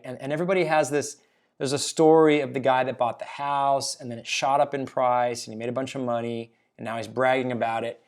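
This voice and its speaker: A man hosting his own video, talking casually, with an energetic, jokey and emphatic delivery. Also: mid-range voice. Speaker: blogger and video host. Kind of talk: casual solo talk to camera.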